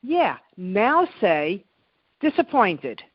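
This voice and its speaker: A woman's voice: medium pitch, very animated, extremely slow, husky, no echo. A middle-aged woman talks in an earnest, coaching way and leans on repeated phrases for emphasis. Her voice sits in a middle range. The sound is dry and slightly dull, like lo-fi remote audio. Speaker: podcast guest, happiness coach. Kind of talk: motivational interview talk.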